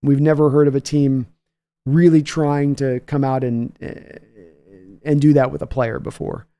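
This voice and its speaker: Mellow-voiced chatty sports host man. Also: mid-range voice, level tone, measured pace, smooth. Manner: chatty, rambling, restarts sentences. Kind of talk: live-stream sports talk, reading chat.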